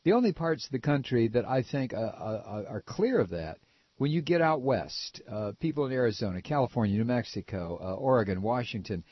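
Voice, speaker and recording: An older man from Ohio with a nasal voice, talking casually and halting with many repeated restarts. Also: mid-range voice, sing-song, slightly rough, dry recording. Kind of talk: casual opinion talk. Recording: dull lo-fi recording.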